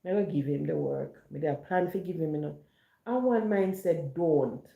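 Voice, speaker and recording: A woman's voice: sits low, normal speed, gravelly, narrow, tinny audio. A woman with a Jamaican accent chatting to viewers, telling stories and mixing patois with standard English. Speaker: online chat host. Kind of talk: casual monologue to viewers. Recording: roomy echo.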